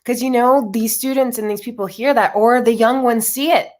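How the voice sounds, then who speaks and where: A woman's voice: a little high, fairly even intonation, normal speed. A woman hosting a casual interview, encouraging and affirming her guest as she asks questions. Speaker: interview host.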